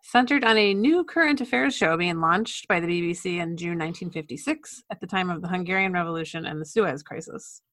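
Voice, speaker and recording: A woman's voice: on the low side, a little fast, few pauses, a bit bright. A woman co-hosting a podcast in casual chat, with a dry, understated humor. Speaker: podcast co-host.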